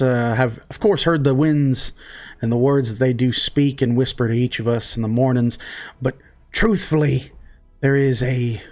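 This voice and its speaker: A man's voice: mid-range voice, close to an everyday voice. A man playing a silver-tongued dwarf charmer. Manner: smooth folksy old-timey flattery. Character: charming flattering male dwarf trader.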